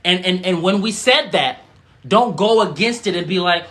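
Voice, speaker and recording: A man's voice: high voice, expressive, measured pace, bright, forceful tone. A man leading a livestream of spiritual affirmations and guided breathing, emphatic and casual, with lots of call-and-response and repeated phrases. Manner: casual slangy speech.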